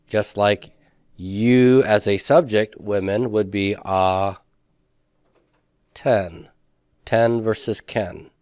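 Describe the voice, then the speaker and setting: A man's voice: lowish voice, fairly even intonation, very slow, long pauses, darkish tone, clean tone, dry recording. A man teaching a Hebrew grammar class, patiently asking students questions and confirming their answers.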